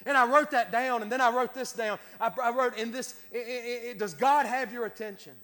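A man's voice: very high voice, steady tone, fairly quick, sharp tone. A man preaching a sermon as pastor, repeating words and restarting phrases as he builds his cadence. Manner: repetitive stammering restarts, rising to a preacher's cadence. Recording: long hall reverb.

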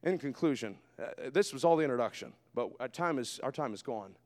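A man preaching a sermon as pastor in a church, swinging between quiet asides and shouted fervor. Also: medium pitch, expressive, fairly quick. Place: church sanctuary. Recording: long hall reverb.

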